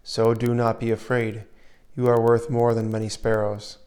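A man preaching a sermon in an earnest way, dropping to a soft hush when he voices comforting words and rising again for emphasis. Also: mid-range voice, little pitch movement, moderate pace. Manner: earnest, shifts between loud emphasis and soft hushed asides.

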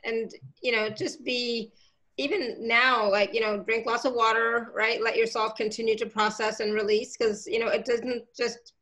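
A woman hosting a live call, reading out viewer comments in a casual, reassuring, chatty way, her throat catching and gravelly. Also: a little high, level tone, normal speed, bright, forceful tone. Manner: reassuring, chatty, with many fillers. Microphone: video call.

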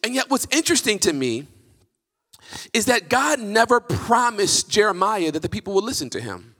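A male pastor preaching a sermon in a church, impassioned and emphatic, building to near-shouts. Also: high-pitched, sing-song, moderate pace. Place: church sanctuary. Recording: reverberant church hall.

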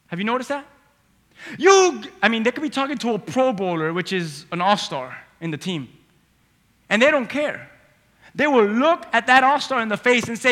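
Pastor guy preaching, high bright voice, gets loud then drops quiet, big echoey church. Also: normal speed. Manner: animated preaching that swings from loud emphasis to quiet asides, acting out voices. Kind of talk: sermon. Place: church sanctuary. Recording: long hall reverb. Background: congregation.

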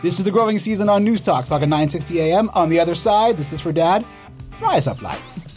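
A man's voice: sits high, quick pace, a little mellow, faint music behind. A man hosting a gardening radio show in a studio, talking in a playful, joking way. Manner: upbeat, jokey, playful. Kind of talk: casual radio chat.

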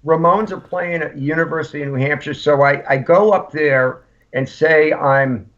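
A man, a punk musician guest, telling rambling, animated stories in casual chat. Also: on the high side, normal speed. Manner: rambling, animated anecdotes with acted-out quotes. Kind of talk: casual storytelling. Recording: lo-fi podcast audio.

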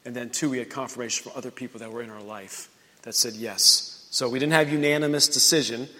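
A man pastor preaching at a midweek prayer service, retelling a Bible story in lively fashion and acting out its dialogue. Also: medium pitch, quick pace, long reverb tail.

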